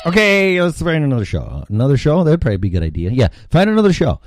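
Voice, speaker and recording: A man's voice: on the high side, huge pitch swings, fast, few pauses, raised voice, noisy background. A man hosting an ad-libbed talk radio show, irreverent and swearing freely as he reads the news sarcastically.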